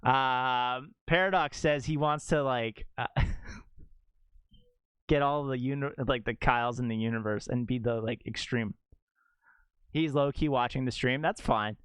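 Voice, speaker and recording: Rambling young male streamer, smooth voice. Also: mid-range voice, a little slow, long pauses, no echo. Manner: rambling, animated, heavy use of "like". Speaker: game streamer. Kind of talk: casual storytelling chat to stream viewers.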